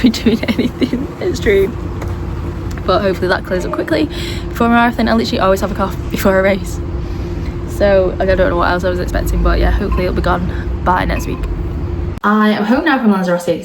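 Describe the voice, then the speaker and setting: A woman's voice: mid-range voice, slight background noise. A woman with a stuffy, congested voice from a cold, chatting casually at home in a rambling vlog. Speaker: triathlete vlogger. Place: at home indoors. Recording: roomy echo.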